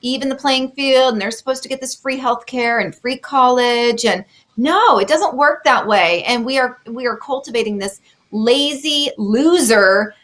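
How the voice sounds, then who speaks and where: A woman hosts a casual talk show, with a voice sitting a little high for a woman. She speaks in a lively, opinionated way and gets heated quickly. She also likes to tease and joke with her guest. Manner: animated, opinionated, gets worked up; teasing, joking. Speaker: show host. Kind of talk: casual interview chat.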